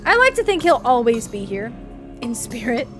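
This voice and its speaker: A woman voicing a creepy, grinning, hunched male innkeeper in a comedy western game, with a slight lisp and odd emphasis, drawling slowly and then jumping high in pitch. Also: big pitch swings, faint music behind. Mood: sinister. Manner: slow, sing-song with sudden high jumps.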